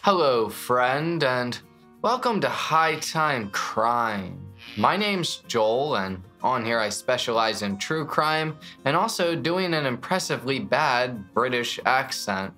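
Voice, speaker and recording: A man's voice: medium pitch, lively intonation, takes it slowly, bright, forceful tone, faint music behind. A man hosting a true crime channel, narrating a scripted case in a casual, jokey storytelling manner.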